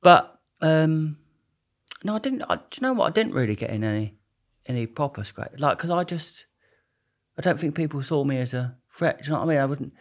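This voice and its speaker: In a casual storytelling interview, a young podcast guest with a fairly high voice speaks briskly and expressively. His stories ramble, full of slang, frequent swearing, and restarts.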